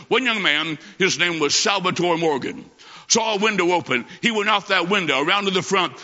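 A man's voice: sits high, bright, forceful tone. A man preaching a sermon, telling stories with emphasis and acting out quoted lines. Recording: muffled recording in a large hall.

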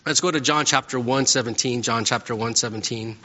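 A man's voice: medium pitch, brisk, pushed and bright. A middle-aged male pastor preaching a sermon, talking conversationally and telling stories, often checking in with "right?". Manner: conversational, storytelling, frequent "right?" tag questions. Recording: dull reverberant hall sound.

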